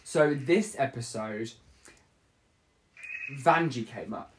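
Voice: medium pitch, expressive, slow pace, a little hiss or hum. A podcast host rambling through a casual chat and laughing often.

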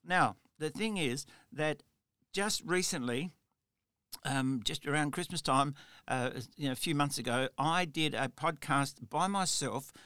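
Male podcast host, middle-aged, bright slightly raised voice, earnest rambling motivational delivery. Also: a little high, a little slow, clean tone, no echo, studio quality. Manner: rambling, earnest, heavy use of "you know". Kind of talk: solo motivational podcast talk.

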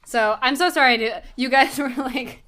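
Woman quiz host, fairly high voice, giggly, playful, apologetic, casual podcast chat. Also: moderate pace, bright, forceful tone, a little hiss or hum.

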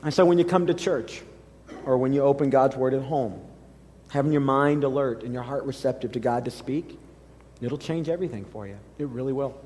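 A man's voice: mid-range voice, a little fast, a little mellow, slight background noise. A man preaching a sermon as pastor, earnest and building emphasis from the pulpit of a church. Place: church sanctuary. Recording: reverberant church hall.

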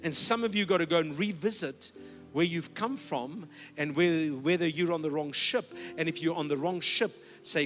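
A middle-aged man preaching a sermon, emphatic, swinging from loud exhortation down to low, quiet lines. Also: normal speed, soft background music. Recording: long hall reverb.

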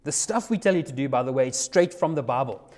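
A man's voice: mid-range voice, expressive, fast, a little mellow. A young adult man, a youth pastor telling a personal story in a sermon, conversational and repeating phrases for emphasis.

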